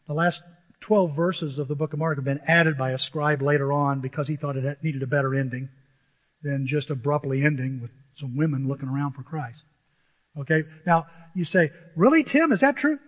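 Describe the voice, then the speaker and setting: Man preaching in a church, high voice, animated, long echoing hall reverb, dull lo-fi sound. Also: moderate pace. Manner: animated, excitable, swings into high exclamations; self-described emotional. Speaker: pastor. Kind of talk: sermon. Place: church sanctuary with a screen.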